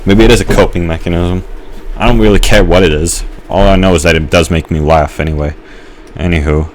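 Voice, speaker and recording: Young man, very low voice, rambling game commentary, hesitant with fillers, faint hiss behind. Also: steady tone, brisk. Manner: musing, hesitant, many fillers and restarts. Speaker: gamer. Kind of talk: rambling let's-play commentary.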